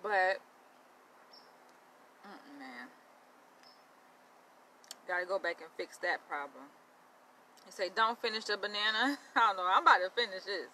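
Brief: young woman, bright forceful voice, blunt profane vlog rant, light background noise. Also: on the low side, low-quality recording. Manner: blunt, profane, animated, addresses viewers directly. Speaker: vlogger. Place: outdoors, eating.

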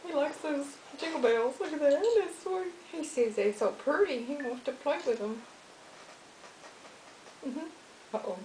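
A woman's voice: sits high, animated, unhurried, pauses often, mellow. A woman chatting at home in a casual video, cooing at her pet iguanas in baby talk. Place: home living room. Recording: roomy home recording with hiss.

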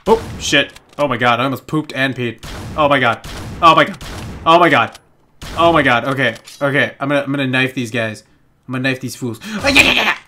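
Excitable young man gaming, lively pitch. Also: fairly quick, a little hiss or hum. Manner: excitable, swearing, giggly, panicky outbursts. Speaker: gaming channel host. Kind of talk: let's play gameplay commentary.

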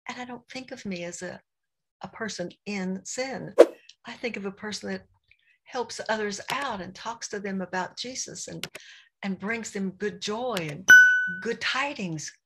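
A woman's voice: medium pitch, unhurried, fairly bright tone, slight background noise. A middle-aged woman giving an earnest, confessional devotional talk about faith, speaking her prayers aloud.

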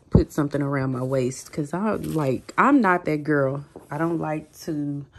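A middle-aged woman talks to a handheld camera in her bedroom. Her voice sits low, and she rambles in a chatty, confiding way with drawn-out fillers. It feels like an easygoing day-in-the-life vlog. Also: darkish tone. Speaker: vlogger. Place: bedroom at home. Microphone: handheld camera mic.

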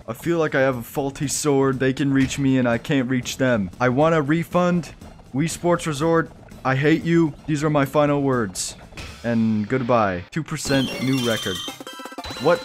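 A young man giving casual gameplay commentary, excitable and jokey, often laughing. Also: medium pitch, unhurried, faint music behind. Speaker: gaming YouTuber.

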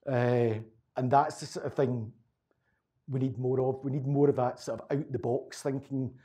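A man's voice: medium pitch, fairly even intonation, normal speed, mellow. A Glaswegian man, a local historian, answering audience questions in a rambling, conversational way, often repeating words. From Scotland. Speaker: local historian giving a talk.

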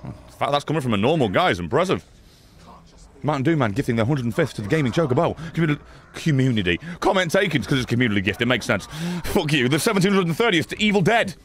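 A man's voice: medium pitch, very animated, fast. Sarcastic man streaming a game. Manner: sarcastic, mocking banter with the game. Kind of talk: live gameplay commentary.

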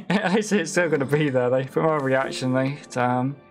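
A man commenting on his own gameplay live, excitable, swearing and laughing often, with sudden frustrated yelps. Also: medium pitch, moderate pace. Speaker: streamer. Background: game music.

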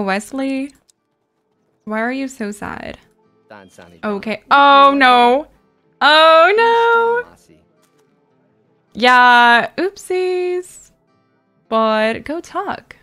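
A woman hosting a gaming video, reacting to the game in excitable, giggly casual commentary. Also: a little high, slow, pauses often, faint music behind. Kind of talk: casual let's-play commentary.

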